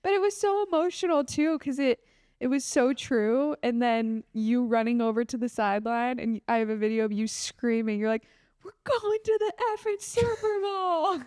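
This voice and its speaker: A young woman from Colorado co-hosting a podcast in casual chat, animated and laughing often. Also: a little high, moderate pace, clear, resonant tone, dry recording, clean studio sound. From Colorado, USA. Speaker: podcast co-host.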